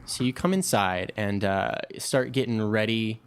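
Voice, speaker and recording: A man's voice: on the low side, a little slow, clear, resonant tone. A man narrating a tabletop game as game master, rambling and full of fillers.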